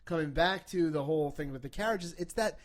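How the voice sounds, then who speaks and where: Man, podcast guest, slightly high voice, rambling, profane, self-deprecating. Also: a little fast. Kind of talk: casual podcast chat.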